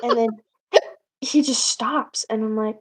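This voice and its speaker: A woman's voice: a little high, takes it slowly, rough recording. A woman co-hosting a livestream and moderating its chat, telling stories in casual conversation. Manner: chatty, storytelling.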